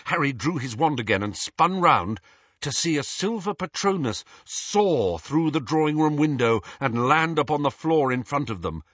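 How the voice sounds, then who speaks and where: Husky, expressive male audiobook narrator. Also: mid-range voice, no room sound. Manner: expressive storytelling with character voices. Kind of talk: scripted narration. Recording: dull, muffled audiobook sound.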